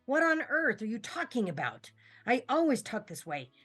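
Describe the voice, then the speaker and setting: A woman voicing a chatty, affectionate male house cat in her own plain storytelling voice, gently puzzled. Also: fairly high pitch, very animated, normal speed, soft background music, pitched above the performer's own voice. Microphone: video call.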